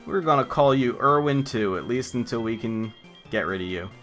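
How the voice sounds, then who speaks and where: Young man, casual game commentary, sarcastic and jokey, bright forceful voice, faint music behind. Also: medium pitch, expressive, moderate pace. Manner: sarcastic, jokey, talks back to game characters. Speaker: let's play commentator.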